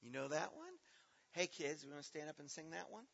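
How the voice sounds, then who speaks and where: A man teaches a children's church assembly, putting questions to the kids and praising each right answer. His voice sits a little high and has a bright, forceful edge. The long reverb of a big hall and a dull, lo-fi recording surround him. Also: animated, brisk, vocal fry, husky. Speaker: children's Bible program leader.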